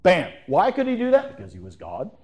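A middle-aged man preaching a sermon as pastor, in a lively, conversational way with frequent restarts. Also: high-pitched, a little fast, muffled recording.

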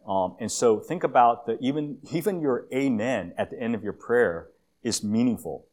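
A man giving a conversational church sermon with slides, a self-described long-winded speaker who often fills pauses and restarts phrases. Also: mid-range voice, expressive, a little mellow. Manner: conversational, with frequent fillers and restarts. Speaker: guest preacher.

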